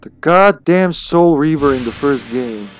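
A man's voice: a little high, lively intonation, unhurried, rough recording. A man casually commenting while he plays a video game live, thinking aloud and greeting his viewers.

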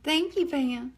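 Slow, gravelly Southern woman rambling. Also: extremely high pitch, a little mellow. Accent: Southern US, northeast Alabama. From northeast Alabama. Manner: rambling, self-interrupting, laughs often. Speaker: livestream host. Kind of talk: casual live-stream chat. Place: at home at night.

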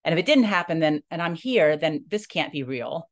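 Low-voiced woman recounting a personal ordeal. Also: animated. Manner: earnest, halting retelling that acts out quoted dialogue. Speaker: non-profit founder. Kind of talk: personal story told to camera.

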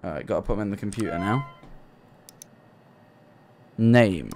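A man's voice: fairly low pitch, expressive, moderate pace, darkish tone. A young man streaming a horror game, nervous and jumpy, swearing and talking to himself as he plays. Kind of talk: live gameplay commentary.

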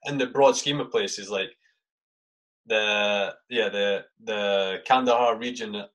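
A lowish, fairly bright voice takes its time as an army sergeant in his thirties shares war stories on a podcast. He keeps it casual, swears a lot, says "mate" in every sentence, and reenacts his own reactions from back then.

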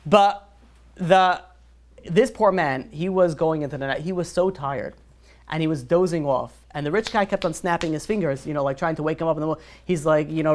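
Fast-talking rabbi preaching to a group. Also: male voice, a little high. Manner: rapid, animated, heavy with "you know" fillers and restarts. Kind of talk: storytelling sermon to a live group.

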